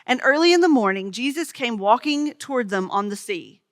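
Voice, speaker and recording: A woman pastor from the Smoky Mountains in the USA speaks with a high, animated voice at normal speed. She tells stories in a conversational sermon and talks with children.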